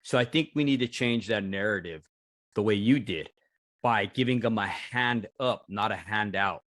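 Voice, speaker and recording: Low-voiced affirming podcast host. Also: male voice, normal speed, a bit bright, dry recording, clean studio sound. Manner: affirming, reflective, encouraging. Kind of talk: podcast interview.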